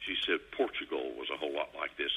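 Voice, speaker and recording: A man's voice: very deep voice, fast talker, pushed and bright, slightly rough, rough recording. A middle-aged man, hosting a radio show in a folksy, rambling storytelling way. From Kentucky. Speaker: radio host. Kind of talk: casual on-air chat. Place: radio studio.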